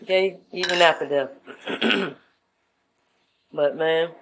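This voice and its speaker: Husky low-voiced woman, laid-back and slangy. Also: takes it slowly, poor audio. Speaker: vlogger giving life advice. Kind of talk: casual monologue.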